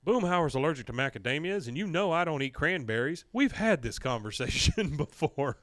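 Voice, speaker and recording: A man's voice: a little high, big pitch swings, brisk, a bit bright, dry recording. A man voicing a stern, upright middle-aged male cartoon salesman, quoting him in an indignant, lecturing tone.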